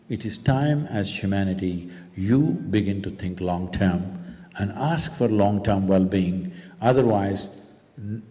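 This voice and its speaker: A man's voice: mid-range voice, a little mellow. A man giving a live public talk as a spiritual teacher, pressing the audience with rhetorical questions. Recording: long reverb of a large hall.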